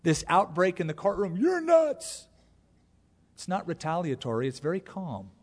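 A man preaching a sermon, animated, acting out quotes in other voices as he goes. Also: fairly high pitch, a little fast. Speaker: pastor. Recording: long hall reverb.

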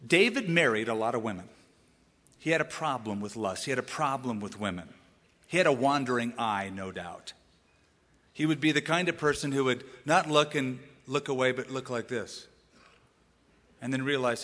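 A man preaching a sermon as pastor, animated and acting out the voices of the people he quotes. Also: mid-range voice, moderate pace, big-room sound. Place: church sanctuary.

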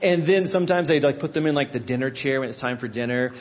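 A man's voice: mid-range voice, fast talker, dull audio. A middle-aged man, a guest pastor, preaching a sermon. He explains scripture and tells stories, acting out the people in them. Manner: explanatory, storytelling with voiced asides.

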